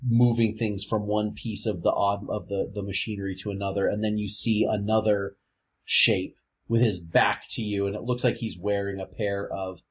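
Husky, hesitant male game master. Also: lowish voice, flat delivery, normal speed. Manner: hesitant, with many fillers and restarts. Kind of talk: narrating a tabletop game.

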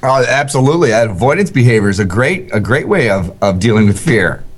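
A man co-hosting a relaxed call-in discussion, his pitch ordinary but very lively. He speaks in an animated way and jumps in quickly to agree. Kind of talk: casual group discussion.

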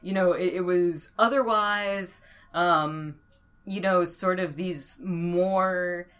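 A woman's voice: fairly low pitch, slow pace, fairly bright tone, clear, resonant tone. A woman linguist as a podcast guest, explaining thoughtfully with many fillers and laughs. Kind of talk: podcast interview.

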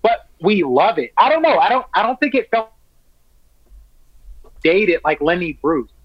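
A high-pitched man talks easily and eagerly, sprinkling his sentences with "man" and "like". He sounds dry and close, with no room around him. The lo-fi line dulls his voice. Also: very animated, unhurried, dry recording. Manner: laid-back and enthusiastic, peppered with "man" and "like". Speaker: stand-up comic, podcast guest. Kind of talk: casual podcast chat.

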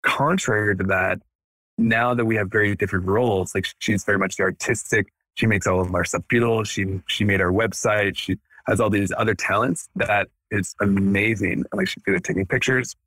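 A man in his thirties, a dentist and practice owner, chatting as a guest on a podcast in an energetic, animated way. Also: on the low side, normal speed, no room sound. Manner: energetic, animated, acts out quotes. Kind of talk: casual podcast interview.

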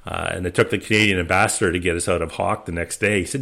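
A man, guest of an interview, telling his voyage stories in a relaxed, anecdotal way with many restarts. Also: deep voice, rapid-fire, gravelly. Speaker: interview guest, expedition skipper. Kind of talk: relaxed storytelling.

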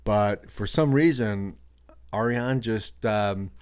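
A man's voice: fairly low pitch, slow pace, darkish tone, smooth. A man co-hosting a hiking video, chatting casually with chuckles and friendly advice. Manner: easygoing, chuckling, gives friendly backpacking tips. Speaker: co-host of a hiking channel.

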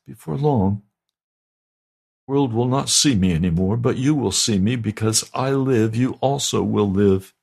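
Pastor guy preaching hard, gravelly voice, keeps pushing the point over and over. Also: fairly low pitch, a little slow, darkish tone. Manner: fervent, emphatic preaching with pleading repetition. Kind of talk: sermon. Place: broadcast sermon.

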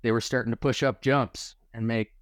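A man's voice: medium pitch, fairly even intonation, normal speed, dry recording, studio quality. Laid-back Michigan-raised man telling stories. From Michigan, USA. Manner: laid-back, swears casually, says dude and bro. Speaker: podcast guest, skier. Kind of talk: casual storytelling chat.

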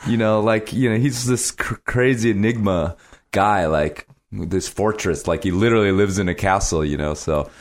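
A man hosting a podcast, chatting casually and joking with his guest. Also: on the low side. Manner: quick, joking, laughs along. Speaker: podcast host. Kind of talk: casual chat.

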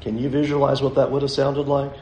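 A man's voice: medium pitch, little pitch movement, a little fast, darkish tone, a little hiss or hum. A man preaching a sermon in a church, emphatic and vivid, repeating his points for weight. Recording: roomy echo.

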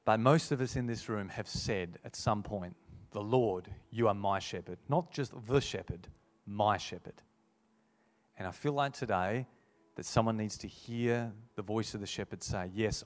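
A man preaching a sermon and altar call, earnest and repetitive, slowing down to quote scripture. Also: on the low side. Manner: earnest, repeats key phrases, slows for scripture.

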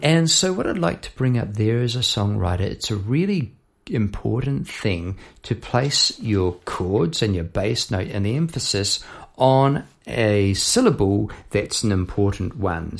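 At home at night, a man gives a casual songwriting lesson at the piano, chatty and self-deprecating, pausing to sing lines from his song. His voice is fairly low with vocal fry.

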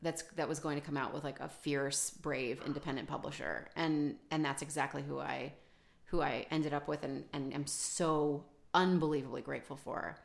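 A woman's voice: low-pitched, steady tone, normal speed, vocal fry. A woman author talking casually in a podcast conversation, chatty and self-deprecating, with many restarts and fillers. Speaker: author guest.

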